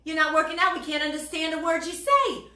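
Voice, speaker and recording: A woman putting on an impatient office coworker, scolding a new receptionist loudly. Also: extremely high pitch, quick pace, voice pushed up. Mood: exasperated. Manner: exasperated, scolding, loud. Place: home room. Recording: roomy home room with faint music.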